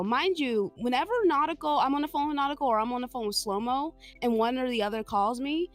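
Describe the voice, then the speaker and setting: A woman's voice: sits high, quick pace, few pauses. A woman guest on a casual livestream, teasing and telling a story with animation.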